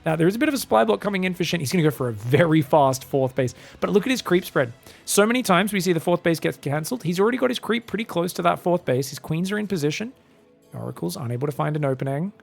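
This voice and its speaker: A man's voice: fairly high pitch, expressive, fast, creaky, faint music behind. A man casting a live esports match with chatty, joking play-by-play. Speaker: esports caster. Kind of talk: live game commentary.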